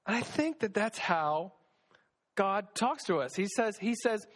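A man's voice: sits high, expressive, unhurried, a bit bright. A man giving a casual, conversational sermon, reading scripture and acting out the voices of its figures. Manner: conversational, acts out voices of God and Gideon. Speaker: preacher.

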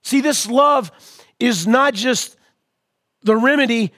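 A man preaching a sermon as pastor, calling out to his congregation and swelling louder on key lines. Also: very high-pitched, slow. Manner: call-and-response preaching to an online congregation.

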